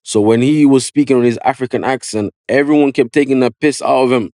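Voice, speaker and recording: A man with a London accent, a barber telling his story in a casual podcast interview, slangy and animated, full of "yeah" and "you know what I mean". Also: mid-range voice, fast, no room sound, clean studio sound. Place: podcast studio.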